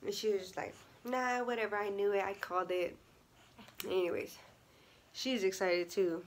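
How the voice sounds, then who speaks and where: A woman's voice: mid-range voice, little pitch movement, normal speed. A young woman vlogging casually, chatty and full of fillers, acting out what people said. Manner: chatty, many fillers and laughs, acts out quotes. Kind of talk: casual storytime vlog.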